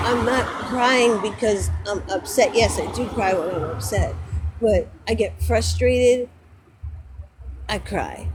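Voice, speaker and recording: Slow, rambling woman on a noisy phone stream. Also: mid-range voice. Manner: rambling, self-correcting, tearful frustration. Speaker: livestreamer. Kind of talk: casual livestream chat.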